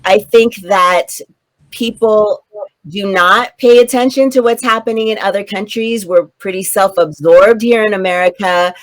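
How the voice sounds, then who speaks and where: A woman's voice: mid-range voice, measured pace. A woman speaking as a panelist in a political discussion, earnest and repeating words as she starts her points.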